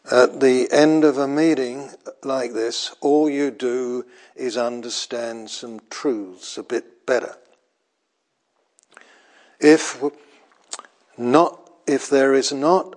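Older man, preacher, unhurried sermon delivery, measured pauses, mid-pitched voice. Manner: slow, deliberate preaching with long pauses and repeated phrases.

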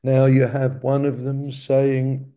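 A man preaching a sermon in a slow, reflective way, often sinking to a quiet murmur. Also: mid-range voice, monotone.

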